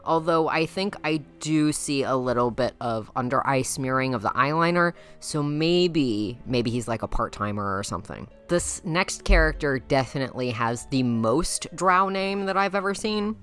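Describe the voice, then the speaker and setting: A woman with a low voice runs a teasing, mock-dramatic commentary, laughing often as she passes judgment. She speaks into a home mic with faint music underneath. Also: expressive, normal speed, few pauses. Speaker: YouTuber judging viewers' game characters. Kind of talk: playful commentary.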